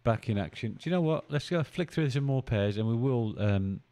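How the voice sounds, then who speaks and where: A man's voice: mid-range voice, expressive, normal speed, mellow, clean tone. A man hosting a live stream, chatting casually, thinking aloud and bantering with his viewers as he goes. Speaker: live-stream trading host.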